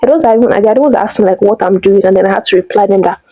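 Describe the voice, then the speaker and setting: A woman's voice: mid-range voice, rapid-fire, warm tone, dry recording, low-quality recording. A young woman from Nigeria with a Nigerian accent, talking animatedly in a personal vlog, rambling with many fillers and exclamations. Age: young adult. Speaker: vlogger.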